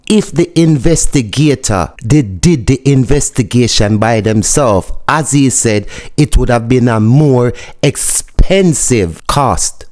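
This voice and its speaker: Jamaican guy ranting about the news, slow and kinda low, pushing every point hard. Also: expressive, a little mellow. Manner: emphatic, scolding, rhetorical. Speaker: commentary host. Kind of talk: opinionated news commentary.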